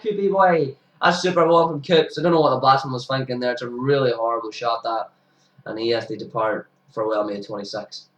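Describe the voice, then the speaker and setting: A young man, sniffly with hay fever, giving casual commentary over his club's cricket highlights and bursting into excited shouts at big moments. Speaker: amateur cricket commentator for his own club. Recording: roomy sound, distant from the mic.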